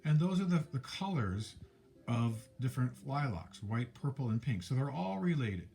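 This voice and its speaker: A man's voice: mid-range voice, sing-song, moderate pace, gravelly, warm tone, faint music behind. A man teaching a classroom lesson, patiently repeating points and counting things out step by step.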